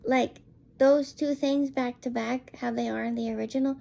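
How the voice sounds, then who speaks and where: A woman's voice: on the high side, steady tone, moderate pace, vocal fry, mellow. A woman giving a casual spoken film review, rambling and exasperated, filling her talk with "like.". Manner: rambling and exasperated, heavy use of "like".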